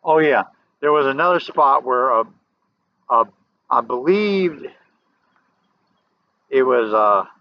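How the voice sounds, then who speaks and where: A man's voice: mid-range voice, expressive, takes it slowly, creaky, long pauses, dry recording. A man with a Southern US accent, telling a rambling story to camera in a casual vlog, often restarting and turning emphatic. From American South. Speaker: vlogger. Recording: dull lo-fi audio.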